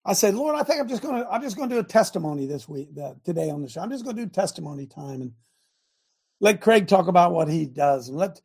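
Husky, animated male show host. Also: high-pitched. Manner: animated, shouting bursts, laughs, repeats himself. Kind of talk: exhorting talk to a live audience.

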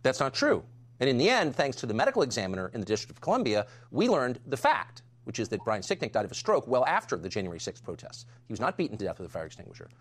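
A man's voice: mid-range voice, wildly swooping pitch, fast. A man delivering a scripted monologue in an indignant, emphatic way. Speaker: commentator.

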